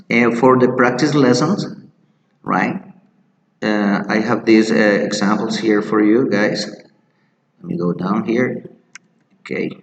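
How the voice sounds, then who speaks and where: A male English teacher, walking through a pronunciation lesson step by step, slowly modeling words and repeating them. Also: on the low side, vocal fry, reverberant, in a large hall, rough recording. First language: Spanish. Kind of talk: screen-share teaching lesson.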